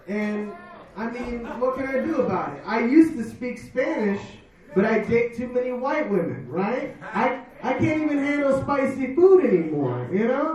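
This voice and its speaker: A man works the crowd from a bar stage, loud, cursing freely and talking in a high register. The sound is picked up from far off and rings around an echoey room. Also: dull audio. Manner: brash, profane crowd work. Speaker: stand-up comedian. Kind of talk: live stand-up set.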